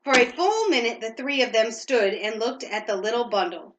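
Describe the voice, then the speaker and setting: Woman, reading aloud to a child, storybook, steady, asks questions, home, fairly high voice. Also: normal speed, roomy sound, muffled recording. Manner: reads steadily, stops to ask questions.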